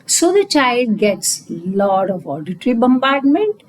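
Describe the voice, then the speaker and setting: A middle-aged woman therapist with an Indian English accent coaches parents in an unhurried, deliberate way. Her voice is a little husky, and her pitch rises and falls a lot when she acts out phrases like a parent talking to a small child. She sounds like a patient teacher giving a lesson. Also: big pitch swings, rough recording. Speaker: auditory-verbal therapist. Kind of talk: instructional talk to parents.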